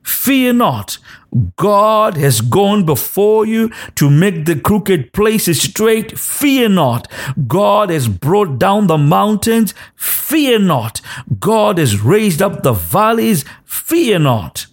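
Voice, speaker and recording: A man's voice: high-pitched, very animated, very slow. A man preaching a sermon, repeating short exhortations over and over and rising into a sung cadence. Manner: speaks in tongues between exhortations.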